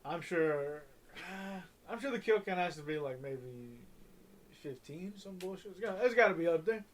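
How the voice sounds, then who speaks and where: Young male podcast co-host, high voice, rambling and profane. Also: lively intonation. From Southern California. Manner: rambling, profane, halting restarts. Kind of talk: casual chat.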